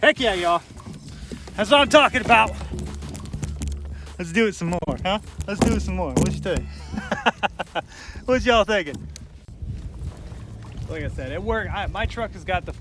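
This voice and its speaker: Excited high-voiced man. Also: unhurried, pauses often, poor audio. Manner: hyped and exclamatory, keeps shouting "heck yeah, baby". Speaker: fishing vlogger. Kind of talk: excited play-by-play while fishing. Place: outdoors on a kayak on open water. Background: loud background music.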